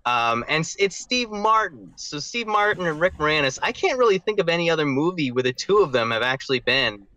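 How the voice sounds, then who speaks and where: An excitable male guest with a bright, forceful voice pitched a bit high. He chats about a favorite comedy with eager enthusiasm and quick laughs. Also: low-quality recording. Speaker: podcast guest. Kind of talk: casual podcast chat.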